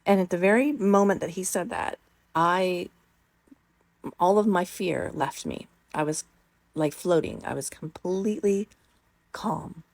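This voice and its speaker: A woman's voice: lowish voice, a little slow, gravelly, long pauses, dry recording. A middle-aged woman telling a personal story in a rambling, casual way, with many fillers and the odd swear word.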